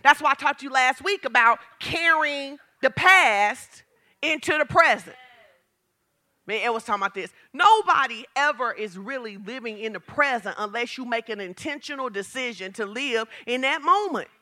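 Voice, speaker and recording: A woman pastor preaching a sermon, telling stories and acting out quotes with big jumps in her voice. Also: normal speed. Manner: animated storytelling, acts out quotes with big pitch jumps.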